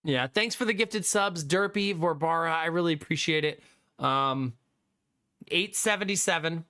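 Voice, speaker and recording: Bright, chatty live streamer. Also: medium pitch, moderate pace, clear, resonant tone, dry recording, studio quality. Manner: chatty, laughs often, thanks viewers. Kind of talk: casual live-stream chat with viewers.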